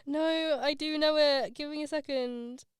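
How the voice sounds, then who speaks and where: A woman's voice: high voice, steady tone, measured pace, no echo, studio quality. A woman co-hosting a casual podcast, giggly and self-deprecating. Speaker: podcast co-host.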